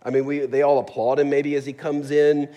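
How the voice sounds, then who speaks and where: With a slightly high, warm voice, level in tone and a bit fast, a pastor gives a joking, conversational sermon in a church sanctuary, frequently checking in with a "right?" The recording is muffled, with long hall reverb.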